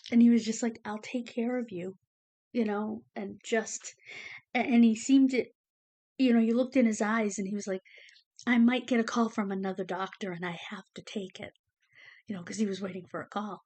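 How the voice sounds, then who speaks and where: A vlogger records a casual personal update to her camera, talking briskly in a mid-range, darkish voice with a steady tone. She rambles with many fillers like "um" and "you know," and is emotional, close to tears at times.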